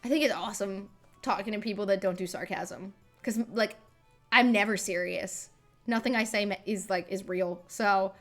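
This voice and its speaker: Over soft background music, a female livestream host talks at a moderate pace in a medium-pitched, fairly bright voice. She reads comments and chats casually, wandering off topic, mocking herself, and using lots of fillers.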